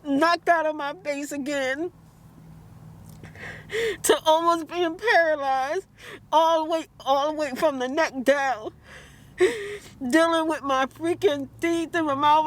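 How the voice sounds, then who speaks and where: Woman, vlogger, high pitch, fast heated talk, tearful, emotional rant.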